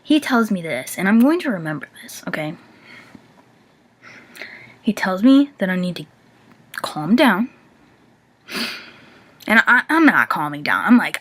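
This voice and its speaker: A woman's voice: fairly low pitch, big pitch swings, normal speed, pauses often, breathy edge. A young woman talking casually to the camera, confessing her feelings with many filler words and now and then dropping to a whisper. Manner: chatty, many "like" fillers, drops to a whisper at times. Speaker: vlogger.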